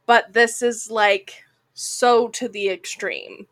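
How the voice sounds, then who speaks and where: A woman's voice: on the high side, fairly even intonation, takes it slowly, fairly bright tone, no room sound. A woman co-hosting a casual anime discussion podcast, chatty and full of "like" fillers, sounding a bit like a Valley girl. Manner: chatty, heavy use of "like" fillers. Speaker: podcast co-host.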